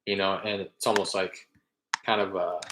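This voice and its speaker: A man's voice: deep voice, level tone, normal speed, roomy sound, noisy background. A young man in casual talk, explaining his real estate cold-calling method between live calls, rambling a little as he goes.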